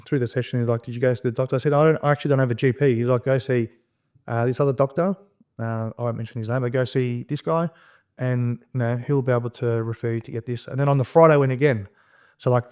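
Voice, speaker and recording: A man in his thirties, a podcast guest, telling his story in rapid, animated, profane casual conversation and acting out the dialogue. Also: medium pitch.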